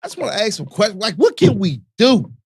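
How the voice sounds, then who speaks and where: High, lively-voiced radio host. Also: male voice, fast, slightly rough, no room sound, clean studio sound. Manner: animated, preachy, conversational with slang. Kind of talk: casual radio talk.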